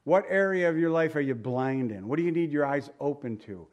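A man's voice: on the high side, animated, a little fast. A man preaching a sermon in a folksy, joking way, with asides, repeated phrases and rhetorical questions.

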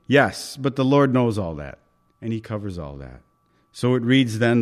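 A man's voice: medium pitch, big pitch swings, moderate pace. A male pastor preaching a sermon at an evening church service, emphatic and repeating key phrases, with occasional chuckles.

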